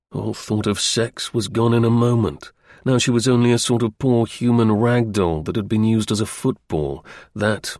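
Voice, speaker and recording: A man narrating an audiobook in a measured, unhurried reading. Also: lowish voice, darkish tone, no room sound, clean studio sound.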